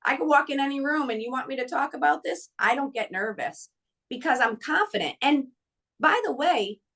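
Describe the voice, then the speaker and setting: Woman, mental skills coach, animated interview guest who acts out dialogue. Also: high voice, normal speed. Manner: emphatic and coaching. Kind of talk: podcast interview.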